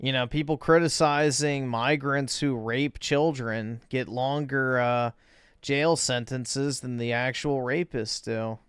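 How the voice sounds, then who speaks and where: Slow, smooth-voiced male stream host. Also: medium pitch, steady tone, fairly bright tone, no room sound, clean studio sound. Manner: laid-back, offhand remarks. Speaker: streamer host reacting to videos. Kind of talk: casual commentary on a stream.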